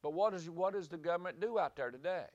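Male Bible teacher for a small group, a bit high-voiced, repeats himself, punches key points. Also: expressive, quick pace, darkish tone, no echo, dull audio. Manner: rambling, repeats words, rises to emphatic points. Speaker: preacher. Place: small room with a few listeners.

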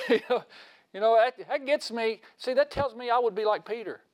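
A man giving a conversational sermon in a folksy way, asking his listeners questions and swinging from loud to hushed. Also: extremely high pitch, moderate pace, no room sound. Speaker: preacher.

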